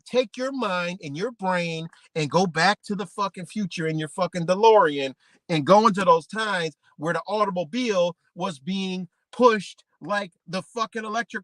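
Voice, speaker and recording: A man hosting a livestream who reads legal text aloud, then breaks into an animated, profane rant. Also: sits high, normal speed, no echo. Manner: animated and profane, swinging between reading and ranting. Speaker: livestream host. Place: home livestream setup.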